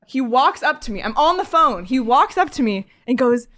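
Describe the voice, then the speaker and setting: Woman, sports-podcast co-host; high, laughing, chatty storyteller. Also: normal speed. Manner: animated, laughs often, frequent fillers. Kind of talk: casual chat, storytelling.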